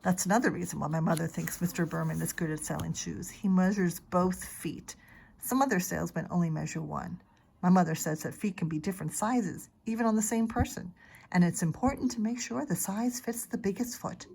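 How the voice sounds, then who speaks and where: Teacher lady reading a kids book aloud, lowish husky voice with gravelly fry. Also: fairly even intonation, brisk, a little mellow, a little hiss or hum. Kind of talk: storybook read-aloud.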